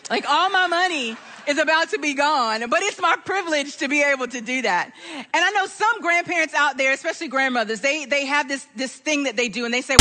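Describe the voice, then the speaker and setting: A bright, high-voiced middle-aged woman speaks to a live audience, bubbly and animated as she tells her story. Her voice rings with a crisp edge. The sound carries the long reverb of a large hall. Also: fairly quick.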